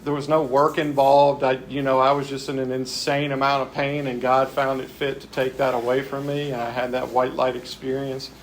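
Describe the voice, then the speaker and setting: A man's voice: mid-range voice, flat delivery, normal speed, hardly any pauses, a little hiss or hum. A man giving a reflective, plain-spoken recovery talk as a speaker at a men's spiritual retreat. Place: retreat gathering.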